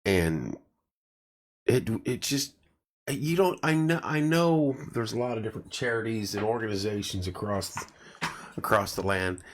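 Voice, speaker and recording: A middle-aged man with a very low, deep voice chats casually on a live stream. His voice is going, and he rambles, restarts sentences and stops to greet viewers by name. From central Indiana. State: losing his voice.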